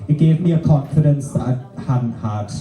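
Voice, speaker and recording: A man's voice: fairly high pitch, moderate pace, dark tone, faint music behind. A man co-hosting a live podcast in a bar on a handheld mic, cheeky and sweary. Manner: cheeky, swearing, mock threats. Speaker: co-host, drag performer. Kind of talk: casual live podcast chat. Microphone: handheld microphone. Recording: echoey bar room.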